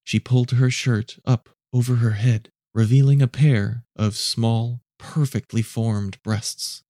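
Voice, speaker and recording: Measured, mellow male storyteller. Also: mid-range voice, fairly even intonation, dry recording, clean studio sound. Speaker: narrator. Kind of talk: scripted story narration.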